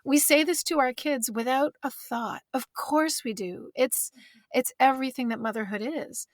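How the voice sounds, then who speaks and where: A woman's voice: high voice, normal speed, no echo. A woman author speaking as a guest, thoughtful and candid, searching for words and close to tears. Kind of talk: reflective conversation. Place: bedroom closet.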